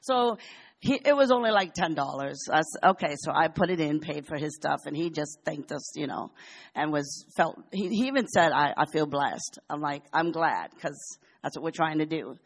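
A woman's voice: low voice, moderate pace. Older woman sharing a chatty testimony. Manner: chatty, animated storytelling with laughs. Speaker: church member sharing a testimony. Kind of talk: personal testimony.

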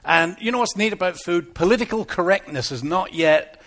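A man's voice: high voice, expressive, moderate pace, fairly bright tone. A man from England with a Devon accent, preaching a sermon in a joking, conversational way at a church service. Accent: English, Devon. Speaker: pastor. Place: church service, live and streamed.

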